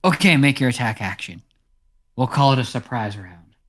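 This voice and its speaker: A man leading a tabletop role-playing session as game master, narrating each scene in relaxed, steady tones. His voice sits at a middle pitch with a husky, breathy texture. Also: normal speed.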